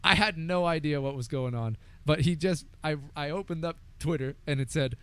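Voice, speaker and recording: A young man co-hosting a podcast in casual chat, animated, swearing and laughing often. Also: a little high, moderate pace, smooth. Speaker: podcast co-host.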